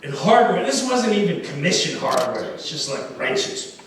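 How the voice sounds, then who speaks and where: A man doing stand-up storytelling on stage, animated and laughing along with his own story. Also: fairly high pitch, moderate pace, vocal fry. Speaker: stand-up comedian. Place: live concert venue stage. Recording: echoey venue, distant mic, noisy.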